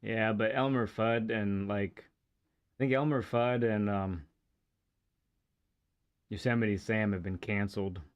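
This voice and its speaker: A man's voice: on the low side, fairly even intonation, takes it slowly, pauses often, muffled recording. A man streaming a racing game, chatting casually and enthusiastically, rambling with many restarts and laughs. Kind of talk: casual livestream chat while playing a racing game.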